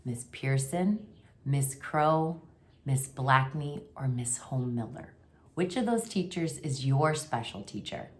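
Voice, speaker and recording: A woman's voice: extremely low pitch, expressive, takes it slowly. A woman teaching a remote kindergarten writing lesson, talking to young children in a patient, sing-song way.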